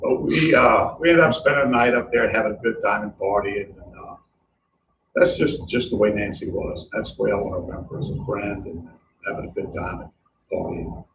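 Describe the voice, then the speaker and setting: A man's voice: on the low side, a little fast, creaky. An older man sharing rambling, chuckling stories about a friend at a memorial gathering. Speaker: friend giving a memorial tribute. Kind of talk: informal memorial storytelling. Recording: distant, echoey hall with noise.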